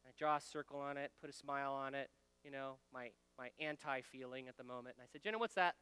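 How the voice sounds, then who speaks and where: A man's voice: medium pitch, level tone, quick pace, pushed and bright, clean tone, big-room sound. A man in his thirties or forties giving a folksy, conversational sermon full of personal stories, speaking straight to his audience. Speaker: speaker at a men's ministry gathering.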